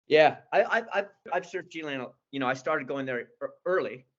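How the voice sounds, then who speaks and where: 60s guy, excited storyteller, keeps restarting sentences, kinda dull lo-fi audio. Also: fairly high pitch, moderate pace. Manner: enthusiastic, rambling with restarts. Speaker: guest. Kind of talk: casual storytelling.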